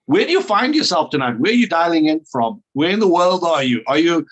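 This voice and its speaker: A man's voice: on the high side, big pitch swings, brisk, highs cut off. A South African man leading an online training call, greeting attendees with playful, upbeat banter over a video call.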